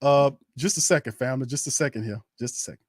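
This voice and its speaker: A man's voice: mid-range voice, fast talker, no echo, clean studio sound. A man hosting a fan watch party, giving heated, indignant live play-by-play and ranting at the referees, often repeating himself.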